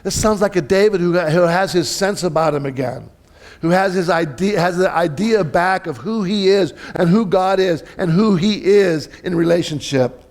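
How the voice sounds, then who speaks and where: A middle-aged male pastor preaching a sermon in a conversational way, often checking in with the congregation and swinging between loud and soft. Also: sits high, normal speed.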